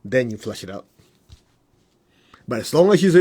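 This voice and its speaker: A man who works as a spiritual teacher, giving a casual teaching on a live stream. He talks conversationally, keeps asking whether things make sense, and mimics his students in high voices. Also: sing-song, moderate pace, gravelly, warm tone, slightly rough. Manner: conversational, asks the audience whether it makes sense.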